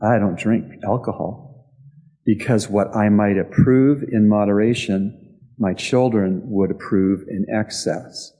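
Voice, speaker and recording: A man, the church's pastor, answering his congregation's questions in a conversational storytelling sermon with frequent pauses. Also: fairly low pitch, warm tone.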